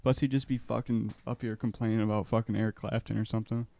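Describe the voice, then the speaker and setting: A man's voice: fairly low pitch, level tone, quick pace, gravelly, warm tone, dry recording. A man co-hosting a casual podcast, laid-back, laughing often and swearing freely. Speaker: podcast co-host. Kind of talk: casual chat.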